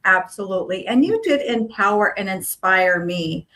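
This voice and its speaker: A woman's voice: medium pitch, animated, moderate pace, pushed and bright, low-quality recording. A woman hosting a live talk show, welcoming guests and praising them effusively. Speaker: host.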